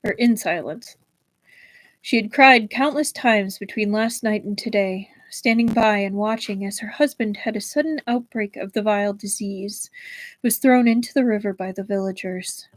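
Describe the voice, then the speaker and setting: A woman reading a novel aloud on a livestream in a measured, expressive storytelling manner. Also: mid-range voice, no echo, low-quality recording. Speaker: livestream book reader.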